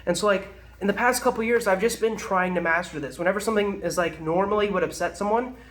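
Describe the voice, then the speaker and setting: A man's voice: high voice, fast, fairly bright tone, slight background noise. A young man vlogging casual self-help advice to the camera, earnest and rambling, with lots of fillers. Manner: earnest, rambling, heavy use of "like".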